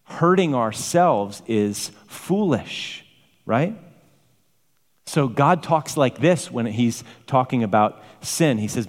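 A man's voice: medium pitch, lively intonation, takes it slowly. A man preaching a sermon with emphatic, varied delivery, rising to exclamations. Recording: long hall reverb.

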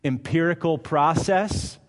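A man's voice: fairly high pitch, slow pace. A male pastor delivering a sermon, emphatic and conversational, firing off rhetorical questions. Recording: long hall reverb.

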